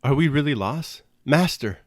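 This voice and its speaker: A man playing a frightened old steward who stammers and pleads with his master. His voice climbs higher in distress, recorded dry and close. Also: animated, normal speed, no room sound. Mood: pleading.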